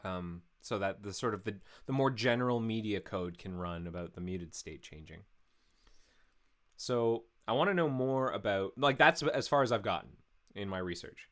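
A man's voice: lowish voice, lively intonation, moderate pace, a bit bright. A man talking through code on a live stream, explaining step by step in a casual way and correcting himself as he goes, into a mic with a pop filter. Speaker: programmer streaming his work. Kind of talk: live coding stream, thinking aloud. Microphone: studio mic with pop filter.

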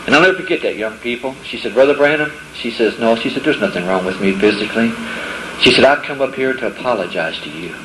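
Folksy middle-aged preacher telling stories in an echoey hall. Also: male voice, medium pitch, animated, fast, noisy background. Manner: storytelling, acts out quoted voices, folksy grammar. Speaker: preacher giving a testimony. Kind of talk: folksy testimony to young people. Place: camp meeting hall. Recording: echoey hall with faint ambience.

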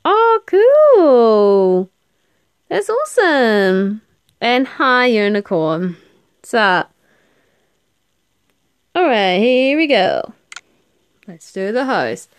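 A young woman chats to her viewers during a live stream, tired and yawning between greetings. Her fairly high voice swings up and down with lively inflection. She talks slowly, and the sound is dry and close. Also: clear, resonant tone, dry recording. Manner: chatty, greets viewers, yawns and laughs often. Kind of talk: casual live-stream chat.

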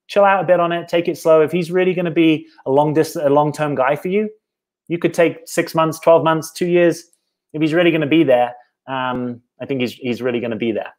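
British man coaching on relationships. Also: medium pitch. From Britain. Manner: reflective, conversational, often tags "right?". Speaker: dating coach. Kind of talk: live-stream Q&A talk.

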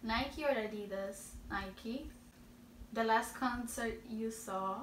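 An eighteen-year-old woman with a Spanish accent, chatting slowly and giggling through a casual Q&A. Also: on the high side, a bit bright. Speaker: vlogger answering questions. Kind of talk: casual Q&A chat. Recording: roomy echo, distant mic, faint noise.

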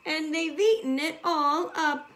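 Storybook baby bear, small, high and sniffly, done by a woman reading aloud. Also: takes it slowly, a bit bright.

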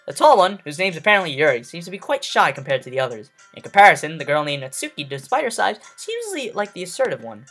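A man reading a game's text aloud as its player, breaking off with expressive emotional reactions. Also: on the high side, fast, hardly any pauses, soft background music. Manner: expressive, reacting with emotional outbursts between read lines. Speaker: let's play host. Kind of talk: reading and reacting during a game playthrough.

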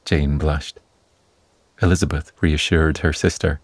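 A man narrating a classic novel as a soothing bedtime story, in a calm, measured reading. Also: rumbling low, dry recording.

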